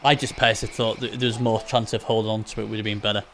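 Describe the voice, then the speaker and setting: A man's voice: on the low side, level tone, racing, fairly bright tone, slight background noise. A man with a Hull accent commentating casually on a match, chatty, rambling and teasing. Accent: Hull, Yorkshire. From England.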